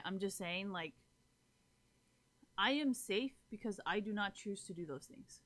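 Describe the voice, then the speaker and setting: A woman's voice: mid-range voice, normal speed, fairly bright tone. Blunt, swearing woman ranting to chat. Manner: keeps checking in with listeners. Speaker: live streamer. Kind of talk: casual talk to stream chat.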